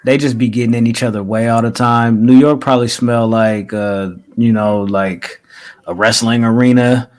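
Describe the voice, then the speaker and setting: A man co-hosting a podcast in relaxed, slangy casual chat, often agreeing with his co-host. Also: medium pitch, moderate pace.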